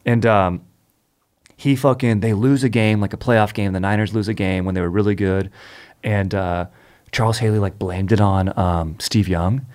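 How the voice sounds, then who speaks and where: A man's voice: fairly low pitch, fairly even intonation, moderate pace, a little mellow. A man hosting a podcast, retelling stories in a laid-back, slangy, agreeable way. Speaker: podcast host. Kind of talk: casual chat, retelling stories.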